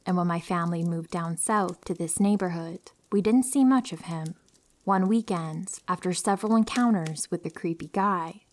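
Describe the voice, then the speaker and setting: A woman with a slightly low voice reads listener horror stories aloud. Her delivery is calm and soft-spoken. She slips into near-whispers to build dread. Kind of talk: scripted narration of horror stories.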